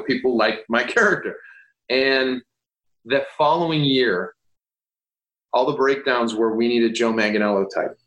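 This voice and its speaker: A man telling stories in a casual interview, lively and profane, acting out what others said to him. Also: medium pitch, reverberant, low-quality recording. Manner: animated, swears, acts out quoted voices. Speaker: guest actor.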